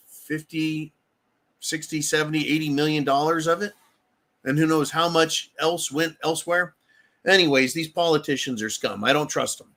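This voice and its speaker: A man hosting a livestream rants heatedly, swearing often and repeatedly calling his listeners "folks." His voice is fairly high in pitch and fairly bright in tone.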